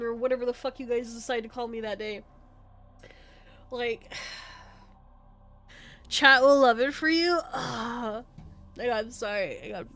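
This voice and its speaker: A young woman streaming a game, rambling and swearing while she chats with viewers, sniffly and clearing her throat. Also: unhurried, long pauses, fairly bright tone. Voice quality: high, youthful voice she calls cute. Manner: rambling, swears often, reacts to chat. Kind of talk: casual game stream chat.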